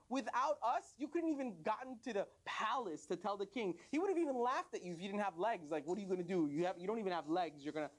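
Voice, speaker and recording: A man voicing a pushy, mocking pair of legs that brag in a comic story. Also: high voice.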